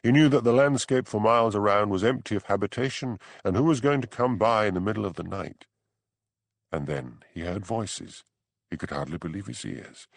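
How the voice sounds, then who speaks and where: A man reading an audiobook narration in a measured, expressive storytelling manner. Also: fairly low pitch, creaky, dry recording. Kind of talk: scripted narration.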